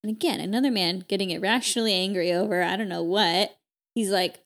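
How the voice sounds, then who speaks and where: A woman co-hosting a podcast, casually retelling a story with lots of "like" and quick character voices. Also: mid-range voice. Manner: chatty, peppered with "like", voices characters in quotes. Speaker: podcast co-host.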